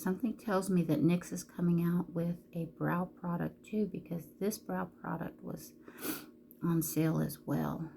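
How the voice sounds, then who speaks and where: A woman's voice: on the low side, vocal fry, warm tone, slight background noise. A middle-aged woman chatting casually through a get-ready-with-me makeup video, rambling along and cracking crude jokes. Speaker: makeup vlogger.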